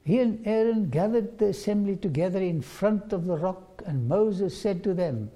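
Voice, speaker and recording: A preacher retells a Bible story in a sermon, slowly putting questions straight to the listeners. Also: mid-range voice, animated, dark tone. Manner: slow, questioning listeners directly.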